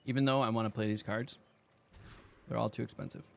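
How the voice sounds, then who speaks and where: A man's voice: on the low side, fairly even intonation, a little fast, creaky. A man casually commenting on his own card game as he plays, chatty and talking while he eats. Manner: chatty, talks while eating. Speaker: streamer playing a card game. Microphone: desk microphone.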